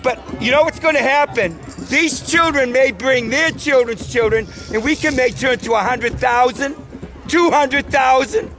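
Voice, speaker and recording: A man's voice: very high voice, measured pace, sharp tone, soft background music, low-quality recording. A man chatting in an exuberant way, with whoops of joy. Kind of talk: casual chat.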